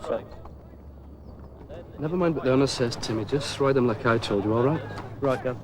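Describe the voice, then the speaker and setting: An actor playing a businesslike racehorse trainer in a TV drama. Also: male voice, medium pitch, moderate pace, a crowd in the background, lightly acted. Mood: curt. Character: curt male horse trainer, businesslike. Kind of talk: 1990s TV drama acting.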